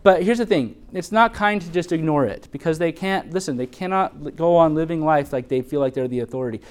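An earnest male preacher talks through a sermon in a loose, conversational way, restarting phrases and laughing lightly. His voice sits a little high for a man. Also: a little fast, smooth. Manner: shifts into high mock voices quoting mothers. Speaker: pastor. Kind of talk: sermon on parenting.

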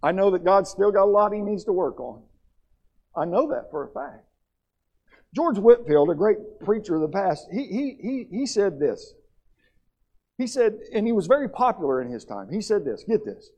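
A man's voice: sits high, sing-song, moderate pace, a little mellow, husky. A middle-aged man preaching a sermon in a church, impassioned, with stammered restarts as he builds. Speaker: pastor.

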